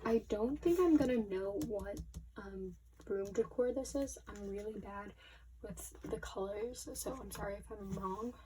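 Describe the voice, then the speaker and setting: A young woman unboxing albums at her desk in casual commentary. She gushes excitably, her voice shaky, often dropping to a near whisper. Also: mid-range voice, a little slow, a little hiss or hum, rough recording. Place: small room at her desk.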